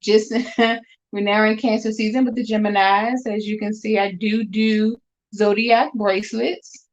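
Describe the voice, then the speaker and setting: A woman's voice: mid-range voice, level tone, unhurried. A woman selling her handmade bracelets on a live stream, chatty and upbeat as she talks straight to her viewers from home. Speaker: jewelry seller on a live stream. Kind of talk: casual live sales chat. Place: room at home. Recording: dull lo-fi stream audio.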